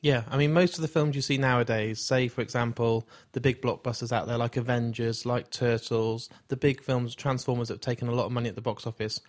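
An enthusiastic man co-hosts a casual film chat in a mid-pitched voice. He jokes around, swears freely, and piles up examples as he builds his point. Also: steady tone, a little fast, hardly any pauses. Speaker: podcast co-host.

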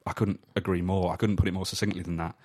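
A man hosts a relaxed film review chat with a notably low, deep voice. He leads the conversation and walks the listener through the plot at an easy, steady pace. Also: fast. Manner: leads the talk, summarizes plots. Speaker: podcast host.

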